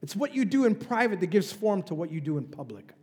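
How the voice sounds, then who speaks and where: A man's voice: high voice, sing-song, fast talker, a little mellow, in a large hall. A male pastor preaching a sermon in a conversational, emphatic way, with rhetorical questions. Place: church.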